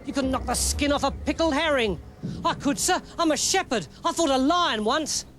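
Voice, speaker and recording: A man's voice: very high voice, a bit bright, a little hiss or hum, pitched above the performer's own voice. A man voicing a bold, mouthy young shepherd boy. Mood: cheeky. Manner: cocky, quick-witted. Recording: music playing under the voice.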